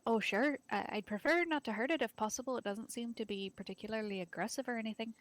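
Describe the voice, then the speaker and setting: A woman's voice: fairly high pitch, fast, dry recording. A woman taking part in a tabletop role-playing game, speaking in character. She sounds polite and slightly apologetic, with some small stumbles. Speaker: player.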